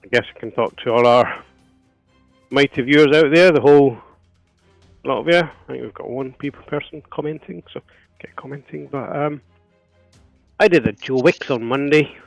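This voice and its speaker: A man's voice: medium pitch, fairly quick, gravelly, no room sound. A chatty man from Britain talks casually with his gaming group, cracking jokes between turns. His voice is close and dry, with no room sound, and faint music plays behind him. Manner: chatty and joking. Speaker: player. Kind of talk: casual chat at a tabletop game.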